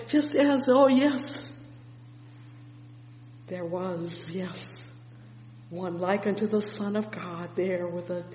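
A preacher delivering a fervent sermon, repeating "oh, yes" and "praise the Lord" and swinging between loud and hushed. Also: medium pitch. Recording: echoey hall with faint hum.

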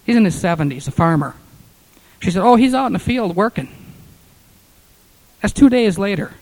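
A man's voice: sits high, lively intonation, moderate pace, darkish tone, rough recording. A male pastor telling stories in an earnest sermon, rising to fervent peaks. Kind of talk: sermon storytelling.

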